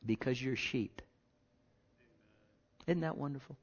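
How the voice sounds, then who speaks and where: A man preaching a sermon at a slow, deliberate pace, leaning hard on repeated phrases and swinging between hushed and loud lines. His voice sits a little high for a man. The recording sounds dull and lo-fi.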